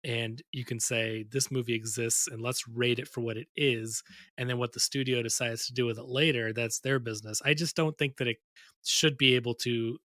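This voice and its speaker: A man in a casual film-review chat, making his case in a quick, argumentative way. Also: medium pitch, steady tone, bright, forceful tone, no room sound.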